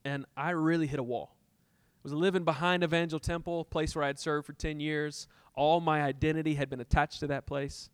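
A middle-aged man preaches a sermon, weaving a personal story and playing out his own heated exchanges with God. His voice sits a little high and swells into passionate peaks before dropping back to a softer tone. The recording is close and dry, with no room sound. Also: smooth, dry recording. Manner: storytelling, acts out dialogue with God, rising to impassioned peaks. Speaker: pastor.

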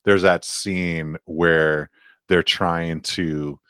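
A man co-hosting a podcast, from California, talking in a relaxed, rambling way with lots of fillers. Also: low voice, very slow, clean tone, dry recording, studio quality. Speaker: podcast co-host. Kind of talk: casual chat.

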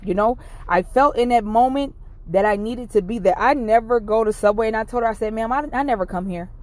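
A woman's voice: a little high, fairly quick, darkish tone. A woman tells a story on her own podcast, recorded from inside her parked car. Her talk is casual and chatty, and she keeps turning to address her listeners directly. She sounds encouraging and upbeat throughout. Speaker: podcast host. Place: parked car, rain outside.

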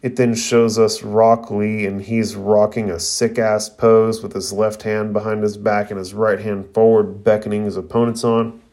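Man, casual recap of a cartoon episode for a review show, lowish voice. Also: flat delivery, moderate pace, hardly any pauses, a little mellow. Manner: casual, retelling with fillers. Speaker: anime reviewer.

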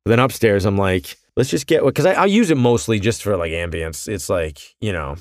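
A man's voice: fairly low pitch, animated, brisk, no room sound, studio quality. A man chatting casually on a podcast in a profane, rambling, jokey way. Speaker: voice actor guest.

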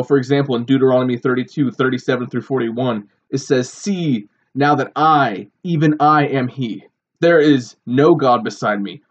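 A man's voice: medium pitch, slightly rough, muffled recording. A man giving a sermon-style Bible teaching, explaining earnestly and posing rhetorical questions. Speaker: preacher.

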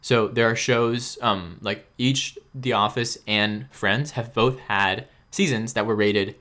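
A man's voice: lowish voice, steady tone, slow, bright, forceful tone. Young man chatting loosely on a podcast. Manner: loose, filler-heavy, slangy banter. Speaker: podcast co-host. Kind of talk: casual chat.

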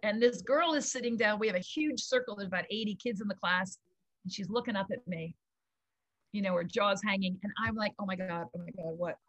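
A middle-aged woman, a yoga founder, tells stories in an animated, gushing way and laughs often. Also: medium pitch, brisk. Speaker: guest, kids yoga founder. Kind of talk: casual storytelling interview.

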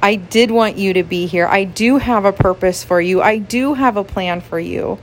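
A woman quoting God as a tender, reassuring voice, speaking softly and comfortingly. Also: medium pitch, normal speed, slight background noise, close to an everyday voice.

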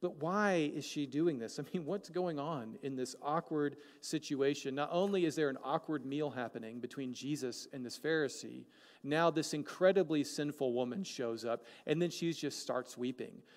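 A man preaching a sermon as pastor, animated and joking, asking the congregation many questions. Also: a little high, normal speed. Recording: long hall reverb.

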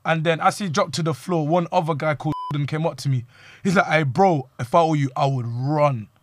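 A man's voice: fairly high pitch, fairly quick. Young man telling stories. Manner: slangy, acts out quoted lines. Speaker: storyteller. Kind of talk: animated casual storytelling with friends.

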